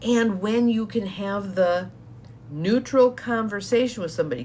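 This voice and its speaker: A woman's voice: medium pitch, measured pace, darkish tone, a little hiss or hum. A woman coach giving a chatty live-streamed talk to viewers, laughing often as she explains. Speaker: empowerment coach.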